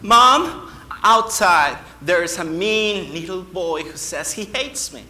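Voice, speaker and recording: A man putting on a shouting little boy. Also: lively intonation, slow, exaggerated voice. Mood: scared. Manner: shouting high and loud. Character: upset young boy. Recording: echoey hall.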